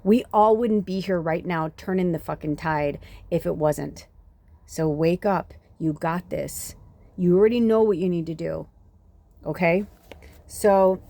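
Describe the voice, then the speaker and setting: A woman's voice: lowish voice, a little slow, gravelly, dark tone, dry recording. A woman spiritual reader in a casual, rambling monologue, swearing often and saying "like" a lot, recorded on a phone. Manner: rambling, frequent swearing, many "like"s.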